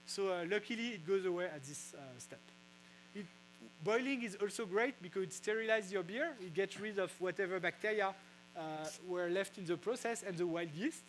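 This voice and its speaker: A man with a French accent giving a casual science talk, halting with many fillers and restarts. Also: high voice, slight background noise, rough recording. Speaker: physicist explaining brewing science. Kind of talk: casual lecture. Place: brewery.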